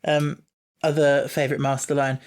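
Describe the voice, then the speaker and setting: A man's voice: a little high, moderate pace. A man hosting a podcast, chatting casually, musing aloud and laughing easily. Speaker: podcast host. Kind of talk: casual chat.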